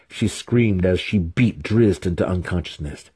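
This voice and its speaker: A man narrating a fantasy novel in a steady, unhurried reading. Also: low voice, breathy edge. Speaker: audiobook reader.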